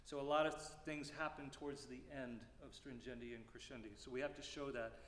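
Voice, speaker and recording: A man teaching a music clinic, explaining phrasing and singing rhythms aloud with lively syllables. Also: mid-range voice, fairly quick. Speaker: percussion clinician. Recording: roomy hall reverb, faint noise.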